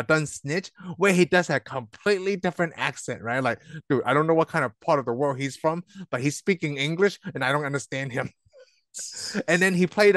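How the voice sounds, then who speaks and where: A man's voice: on the high side, fairly bright tone, no room sound, clean studio sound. A man co-hosting a casual podcast about movies, rambling and laughing often as he trails off mid-sentence. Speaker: podcast co-host. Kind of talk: casual movie review chat. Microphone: own microphone, remote call.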